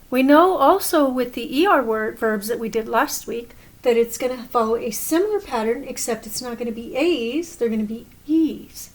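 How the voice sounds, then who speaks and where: A woman teaching a grammar lesson, explaining slowly and patiently and correcting herself as she goes. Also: a little high. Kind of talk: recorded classroom lesson.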